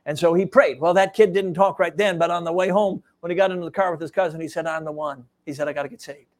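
A man preaching a sermon, telling a revival story with lots of fillers and dropping to a hush for emphasis. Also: high voice, fast talker. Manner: animated storytelling with frequent fillers, drops to hushed tones for emphasis.

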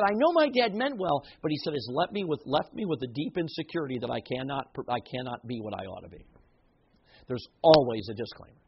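Husky, emphatic male preacher. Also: medium pitch, very animated, brisk, highs cut off. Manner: earnest, emphatic, with asides and short laughs. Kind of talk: sermon.

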